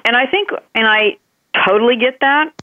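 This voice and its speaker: A woman's voice: fairly high pitch, normal speed, no echo. A woman, a crisis management consultant being interviewed over the phone, speaking earnestly and reflectively and repeating key phrases for emphasis. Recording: tinny phone line.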